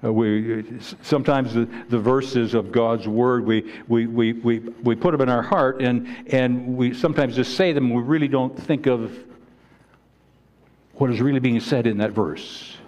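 Earnest pastor preaching a sermon. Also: male voice, mid-range voice, steady tone, measured pace, a little mellow. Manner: earnest, with frequent restarts and repeated words. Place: church sanctuary.

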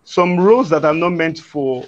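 A man, a guest singer answering interview questions haltingly, with many fillers and restarts. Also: a little high, highs cut off.

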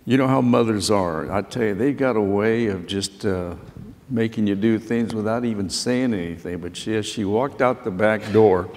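A man's voice: lowish voice, normal speed, darkish tone, slight background noise. An older man on a panel telling childhood stories to students in a folksy, rambling way. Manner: folksy, rambling anecdotes with frequent fillers. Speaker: panelist, Medal of Honor recipient. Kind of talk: storytelling to students. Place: auditorium panel. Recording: echoey hall sound.

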